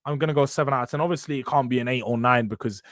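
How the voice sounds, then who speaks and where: A man's voice: mid-range voice, very fast, dry recording. A young man hosting a casual football fan vlog, bantering and reacting to viewer comments. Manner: banter-heavy, animated, trash-talking rivals. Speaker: football channel host.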